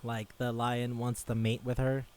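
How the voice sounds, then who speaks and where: A man's voice: medium pitch, little pitch movement, unhurried, a little mellow, clean tone. A man casually chatting as a podcast co-host, rambling and swearing, often slipping into silly voices for the characters he retells. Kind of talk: casual chat.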